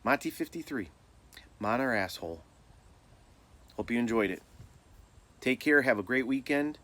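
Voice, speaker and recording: A man's voice: medium pitch, expressive, moderate pace, a bit bright. A middle-aged man from Michigan telling a personal story in a laid-back, self-deprecating way. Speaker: storyteller vlogger. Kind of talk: casual storytelling.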